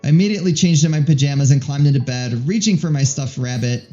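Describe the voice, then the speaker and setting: Man reading a game aloud, dark voice. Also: a little high, fast. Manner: playful, laughing, reads the narration. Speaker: let's play host. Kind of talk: reading a visual novel aloud with a partner. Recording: slightly dull recording with faint music.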